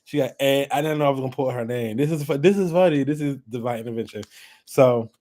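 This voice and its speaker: A man hosting a casual giveaway vlog at home, chatting as he draws winners, laughing often and breaking into high excited squeals. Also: fast talker. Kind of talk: casual chat while drawing giveaway winners.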